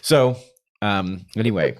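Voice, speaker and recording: A man's voice: on the low side, expressive, slow pace. A man co-hosting a livestream podcast, talking in a musing, wry and playful way. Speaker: podcast co-host. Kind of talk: casual livestream conversation.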